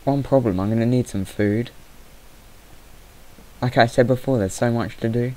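A man's voice: mid-range voice, normal speed, darkish tone, poor audio. A young man giving rambling let's play commentary, easily startled and chatting to the animals in the game. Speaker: gamer. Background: mouse clicking.

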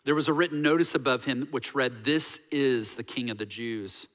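A man's voice: medium pitch, normal speed, a bit bright. A male pastor preaching a sermon in a church, earnest, with fillers and repeated words. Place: church sanctuary. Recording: reverberant church hall.

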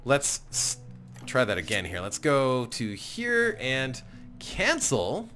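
Animated man narrating a game. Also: medium pitch, slow pace, soft background music. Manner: apologetic, chatty, self-mocking, laughs often. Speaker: gaming channel host. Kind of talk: casual let's-play commentary.

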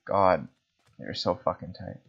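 A man's voice: low-pitched, expressive, a little slow, vocal fry, a bit bright, breathy edge. A man from the Philippines giving jokey, erratic gaming commentary while tipsy on wine, breaking into sudden screams. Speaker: gaming host. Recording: dull lo-fi recording.

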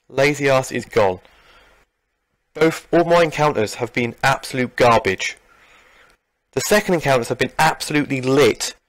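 Young male gamer, frustrated ranting commentary, close dry mic, mid pitch. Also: normal speed, long pauses, no room sound. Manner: exasperated, ranting, swears and sighs. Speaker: let's play gamer. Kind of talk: game commentary.

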